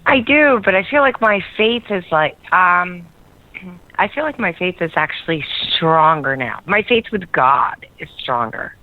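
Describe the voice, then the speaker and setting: A woman's voice: on the low side, animated, a little slow, no room sound. A woman calling in to a radio show, talking in a rambling, hesitant way and laughing often. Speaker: caller. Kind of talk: call-in radio chat. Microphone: telephone. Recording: tinny phone line.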